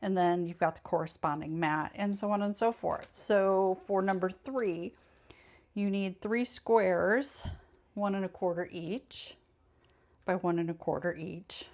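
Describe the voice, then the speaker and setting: A woman's voice: lowish voice, steady tone, a little slow, a little mellow. A woman hosting a casual craft tutorial, chatty and meandering, often correcting herself mid-sentence and sounding a bit tired. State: tired, yawning late in the evening. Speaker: craft channel host.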